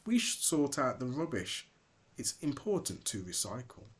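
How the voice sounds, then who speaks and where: A man voicing a cheerful, bossy female mouse team leader who introduces her crew in brisk rhymes. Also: mid-range voice, sing-song, close to an everyday voice. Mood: businesslike. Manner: brisk, rhyming, businesslike. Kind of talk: storybook read-aloud.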